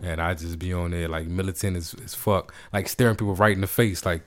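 Low-voiced man telling a story. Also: brisk. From Washington, D.C. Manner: laid-back, profane, animated storytelling. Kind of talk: casual storytelling chat.

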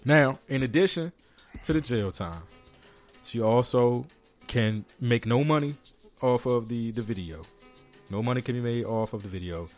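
A man's voice: mid-range voice, moderate pace, soft background music. A man hosting a casual podcast, joking around and reading news stories aloud to his co-host.

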